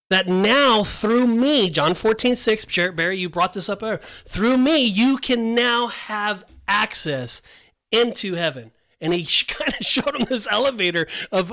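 Podcast co-host, male, high pitched, excitable storyteller who acts out the characters. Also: dry recording. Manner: animated storytelling, acts out voices of biblical figures. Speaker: podcast co-host teaching the Bible. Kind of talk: casual Bible study chat.

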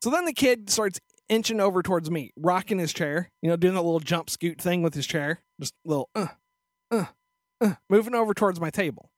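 A man's voice: sits high, expressive, fairly quick, no room sound. A male podcast host telling a story in a crude, profane, sarcastic rant into a studio microphone. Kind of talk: casual ranting storytelling.

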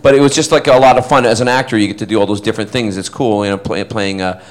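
Man, low voice, actor, casual interview, rambling, chatty. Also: fairly even intonation, quick pace. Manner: rambling, chatty, many fillers.

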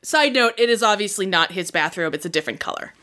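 A woman running a tabletop role-playing game, narrating playfully with quick asides and laughter. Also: medium pitch, expressive, sharp tone. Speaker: game master.

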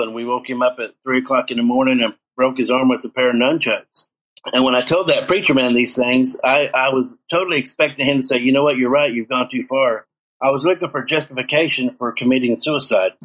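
A middle-aged man gives a personal testimony in an interview. His voice sits at an ordinary middle pitch, and he tells his story earnestly, slipping into the voices of the people he quotes. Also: fairly bright tone, rough recording. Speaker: guest telling his life story.

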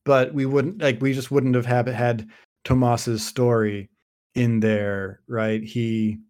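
A man's voice: medium pitch, little pitch movement, takes it slowly, a little mellow. A man in casual chat, summarizing a fantasy novel in a rambling way, with frequent restarts. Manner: rambling, lots of fillers and restarts. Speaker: podcast host summarizing a book.

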